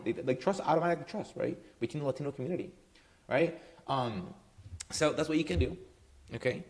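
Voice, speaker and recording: A man's voice: mid-range voice, animated, brisk, darkish tone. This is a man with an ordinary mid-range voice, running a marketing business and handing out advice in an offhand, conversational way. He keeps checking in with "right?" and leans on fillers like "um" as he goes. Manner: loose and conversational, full of "right?" and "um". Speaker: marketing agency owner giving advice. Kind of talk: casual talking-head advice.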